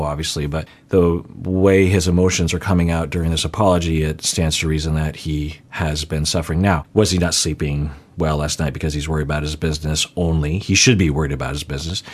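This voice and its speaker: Man, low deep voice, reaction commentary, analytical, measured, light self-amused laughs. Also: slightly rough. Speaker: commentator grading apologies.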